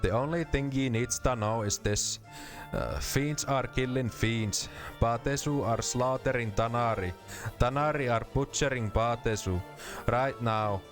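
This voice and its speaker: A man voicing a gruff, scornful male war storyteller from a fantasy game, with a put-on Scottish accent and a slangy, ranting manner. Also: medium pitch, measured pace, over music, close to an everyday voice. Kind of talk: reading game dialogue aloud in character.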